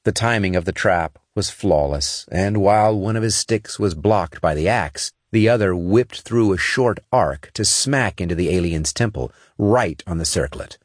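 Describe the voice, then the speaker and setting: A man narrating an action scene for an audiobook in a steady, dramatic reading. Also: low-pitched, moderate pace, few pauses, no echo, studio quality.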